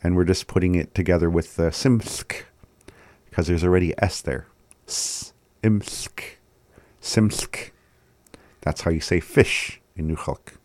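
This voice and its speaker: A man's voice: deep voice, steady tone, moderate pace, darkish tone, no room sound. A man giving a casual language lesson, sounding words out syllable by syllable and often laughing at himself. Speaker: language teacher.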